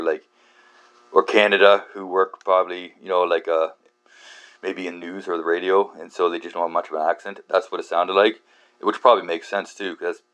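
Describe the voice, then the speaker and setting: A man hosting a book channel, talking through a rambling casual monologue, halting with many fillers and restarts, swearing often and laughing at himself. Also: low voice, a bit bright. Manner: self-deprecating, laughs at himself.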